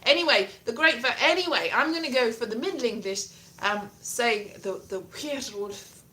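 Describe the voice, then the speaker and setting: A woman's voice: on the high side, animated, normal speed, bright, forceful tone. A woman chatting playfully on her own livestream, rambling, trailing off and restarting. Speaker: livestream host. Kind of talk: casual rambling livestream chat.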